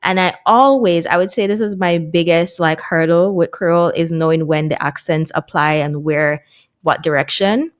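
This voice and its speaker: A woman with a slightly low voice chats casually to her viewers like a vlogger working through a lesson. She is chatty and self-mocking, and her voice often drops soft and low. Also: moderate pace. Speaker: vlogger learning a language. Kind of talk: casual vlog chat to viewers.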